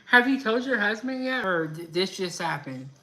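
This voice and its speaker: A woman's voice: mid-range voice, expressive, normal speed, a bit bright. A woman hosting a casual live stream, chatting and laughing as she reads out viewer comments.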